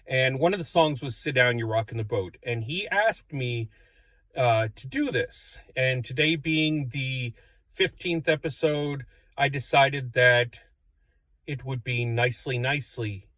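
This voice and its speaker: A man who directs high school musicals chats casually about a show he loves and often pauses to find his words. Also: a bit bright, dry recording. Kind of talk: casual spoken intro to a weekly music video.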